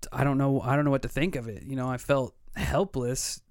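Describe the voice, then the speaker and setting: Male podcast co-host, 30s, mid pitch, smooth voice, dry sound, earnest storyteller. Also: steady tone, a little fast, darkish tone, no room sound. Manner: earnest, vivid retelling with quoted dialogue. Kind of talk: casual storytelling.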